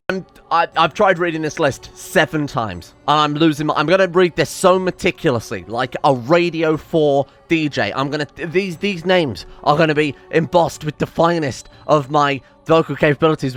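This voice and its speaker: A man's voice: fairly high pitch, moderate pace, fairly bright tone, soft background music. A man hosting a strategy game video, ranting and swearing at the game, then reading supporter names. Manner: swears a lot, exasperated ranting. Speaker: gaming channel host. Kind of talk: casual gameplay commentary.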